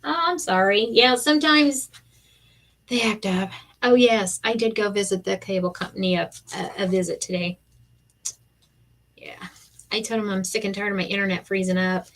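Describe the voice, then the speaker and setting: A middle-aged woman, chatting casually and acting out quotes while crafting on a live stream. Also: medium pitch. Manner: animated storyteller, acts out quotes.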